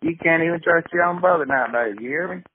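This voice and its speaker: A man's voice: on the high side, quick pace, slightly rough, dry recording. A man playing a blustering Southern welder in his thirties over a prank phone call, with a cursing, indignant drawl. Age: 30s. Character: blustering 37-year-old male Mississippi welder. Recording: tinny phone line.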